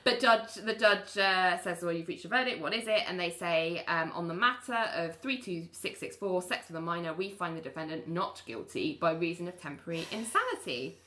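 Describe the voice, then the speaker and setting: A woman's voice: lowish voice, a little fast, hardly any pauses, pushed and bright. A woman casually recapping a TV episode, acting out the characters' lines and laughing along. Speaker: podcast host recapping a TV episode. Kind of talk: casual chat.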